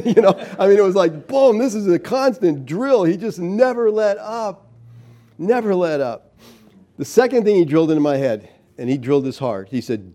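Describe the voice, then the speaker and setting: Animated preacher with a mellow voice. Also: male voice, fairly high pitch, moderate pace, pauses often. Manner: animated storytelling, swings from loud emphasis to quiet asides. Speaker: pastor. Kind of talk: sermon.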